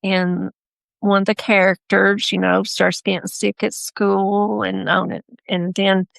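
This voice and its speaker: Gravelly-voiced mother telling her story. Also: mid-range voice, no echo. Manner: rambling, heartfelt, with self-corrections and soft laughs. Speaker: podcast guest. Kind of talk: personal storytelling in an interview.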